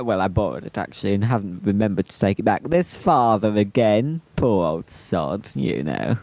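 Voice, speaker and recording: A cheeky man narrating home videos with teasing asides. His pitch is lively and jumps around, and the sound is dry and close. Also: a little slow, vocal fry, no room sound. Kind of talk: humorous home-video voice-over commentary.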